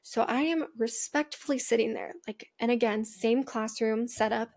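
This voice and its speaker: A woman's voice: on the high side, normal speed, creaky, darkish tone. A young adult woman hosting a podcast, telling a personal story in a chatty way with lots of asides. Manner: chatty, with frequent "like" and "mind you" asides. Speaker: podcast host.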